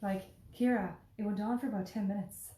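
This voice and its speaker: An Irish woman talks fast and freely, telling a story with lots of "like" and a few curse words thrown in. Her voice sits at a middling pitch for a woman. The room around her adds a noticeable echo. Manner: animated, chatty, peppered with swearing and "like". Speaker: podcast host. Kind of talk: casual storytelling chat. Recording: roomy echo.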